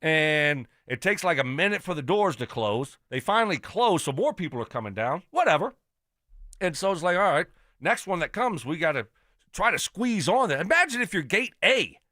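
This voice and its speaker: A man hosting a sports radio show, telling a story in an animated, exasperated rant. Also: a little high, moderate pace, no echo, studio quality. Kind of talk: casual radio chat.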